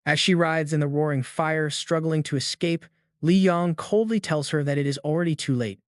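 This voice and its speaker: A man narrating a comic recap in a dramatic, even-paced storytelling manner. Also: fairly high pitch, moderate pace, no room sound, studio quality.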